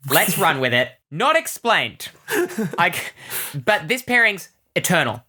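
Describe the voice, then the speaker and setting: Low but bright woman rambling excitedly through a comic recap, lots of likes. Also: a little slow, husky. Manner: enthusiastic, rambling recaps with many "like"s. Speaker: podcast co-host. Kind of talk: casual comic-book podcast chat.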